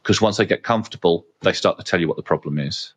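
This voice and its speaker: A man's voice: low voice, fast talker. A man hosting a podcast, talking frankly in a casual chatty way with plenty of fillers and the odd swear word. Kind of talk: casual conversational anecdotes.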